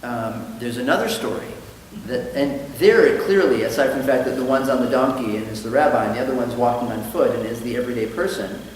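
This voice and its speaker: A rabbi with a medium-pitched voice speaks at a quick pace with few pauses, recorded from a distance in a very echoey synagogue study hall with faint noise. Teaching a conversational Talmud class, he is thoughtful and acts out quoted dialogue from his stories in a livelier voice.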